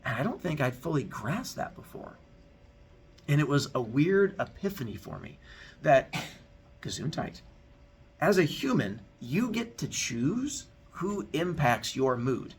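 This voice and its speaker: A man's voice: on the high side, sing-song, a little slow. A male teacher giving a heartfelt, candid talk to his students, telling a personal story in an earnest way.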